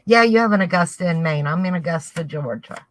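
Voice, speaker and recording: Her fairly low voice moves at a fairly quick clip, and the recording is rough. With a Southern US accent, she chats casually to viewers, thinking aloud and rambling as she works on a craft project.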